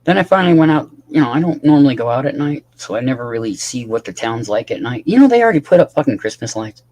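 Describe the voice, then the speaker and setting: A man's voice: mid-range voice, very animated, quick pace, darkish tone. A tired man rambling casually to his livestream chat, swearing often and talking to viewers by name.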